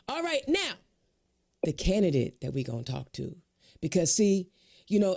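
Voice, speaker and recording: A woman from Indiana hosting a casual political livestream, talking in an energetic, folksy way. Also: mid-range voice. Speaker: host.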